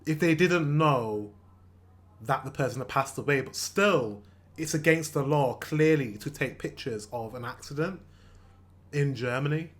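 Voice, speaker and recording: A man's voice: medium pitch, unhurried. A British man hosting a reaction video, talking earnestly and repeating himself when he gets emotional. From Britain. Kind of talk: casual reaction commentary.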